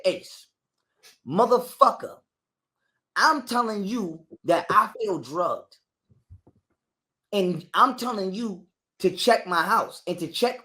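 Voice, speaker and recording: A man, an interview guest, telling a profane story in casual conversation and acting out other people's lines as he goes. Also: high-pitched. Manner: animated retelling that acts out other people's lines.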